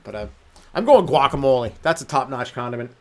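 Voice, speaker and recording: A man's voice: medium pitch, very animated, fairly quick. A young man hosting a comedy podcast alone, rambling through crude jokes and laughing at his own lines. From Canada. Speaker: stand-up comedian podcast host. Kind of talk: solo comedic rant.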